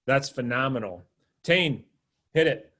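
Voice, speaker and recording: A man's voice: mid-range voice, lively intonation, bright, forceful tone. Upbeat male coach on a video call. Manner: upbeat, quick praise and cues. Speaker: sales coach. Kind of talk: live group coaching call.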